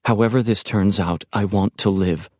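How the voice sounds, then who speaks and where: Brief: a terrified young woman's diary voice, read plainly by a deep-voiced man, dry and close. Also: no echo, natural voice. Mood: desperate. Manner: low, slow, even reading. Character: frightened young woman writing a desperate diary. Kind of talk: audiobook narration.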